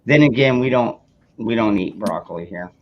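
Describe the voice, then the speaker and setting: A man's voice: fairly low pitch, animated, normal speed, dull audio, noisy background. A man hosting a casual livestream chat, laid-back and profane, laughing often while he works on a craft project. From United States. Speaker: host.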